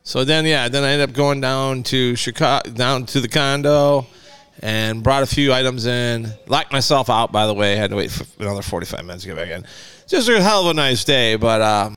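Talk-show co-host, male, loose rambling storyteller with a lively, swinging delivery and a clear, resonant voice recorded dry and close. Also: mid-range voice, a little fast, dry recording. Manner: rambling, animated, acts out voices in his stories. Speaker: podcast co-host. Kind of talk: casual storytelling chat.

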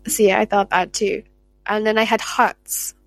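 A woman's voice: medium pitch, little pitch movement, a little slow, no echo. A woman hosting a podcast, chatting casually and effusively with her guest. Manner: chatty, effusive, laughs easily. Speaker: podcast host. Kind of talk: casual interview chat.

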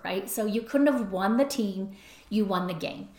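A middle-aged woman hosting an advice podcast, talking in a relaxed conversational way and often tagging her points with "right?". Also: medium pitch, moderate pace. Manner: conversational, frequent "right?" tag questions. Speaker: podcast host and counselor. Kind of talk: advice talk. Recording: roomy echo.

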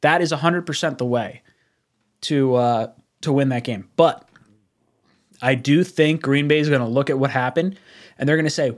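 A man hosting a casual sports chat on a stream, excitable and tipsy, who swears freely and laughs a lot. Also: medium pitch, moderate pace, long pauses. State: tipsy from drinks. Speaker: stream host.

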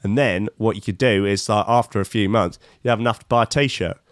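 A man's voice: on the low side, fairly quick, clean tone, dry recording, studio quality. A man hosting a podcast, reading out news stories and riffing on them in a rambling, sarcastic way full of restarts. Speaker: podcast host. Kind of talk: comic news commentary.

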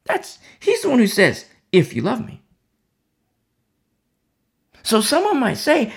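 Casual bible teacher talking loosely, lots of asides, gravelly fry in the voice. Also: medium pitch, huge pitch swings, slow, pauses often. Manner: conversational, rambling with many asides and restarts. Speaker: home fellowship Bible teacher.

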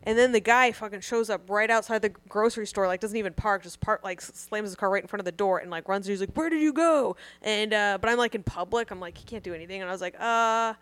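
A young woman co-hosting a comedy podcast, telling a wild story in a profane, animated way. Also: mid-range voice, quick pace, few pauses, clear, resonant tone, dry recording. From Southern California. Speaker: podcast co-host. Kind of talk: casual comedy podcast chat.

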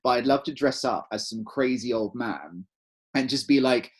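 A husky man in casual podcast chat. He rambles in an animated way and runs one idea into the next, sounding slightly rough and breathy with an easy, mid-range voice. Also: mid-range voice, normal speed. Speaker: podcast co-host.

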